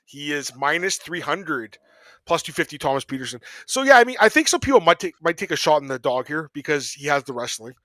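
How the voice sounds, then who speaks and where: Man, podcast host, casual fight-pick chat, bright voice, dry close sound. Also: fairly high pitch, a little fast, no echo. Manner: laughing, animated, rambling banter. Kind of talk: casual sports betting chat.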